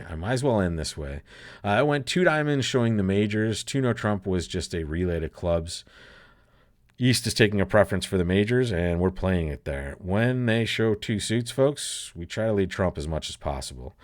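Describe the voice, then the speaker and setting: A man walks through a bridge game as he plays it, chatty and thinking out loud, laughing now and then and calling his listeners folks. His voice sits low. The sound is dry and close, with no room around it. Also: no room sound. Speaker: bridge teacher. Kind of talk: casual play-along bridge lesson commentary.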